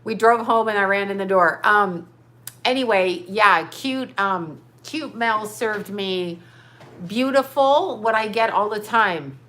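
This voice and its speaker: A woman's voice: mid-range voice, slow, a bit bright. A woman hosting a casual livestream, rambling chattily and greeting viewers as she reads their comments aloud. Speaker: livestream host. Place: home.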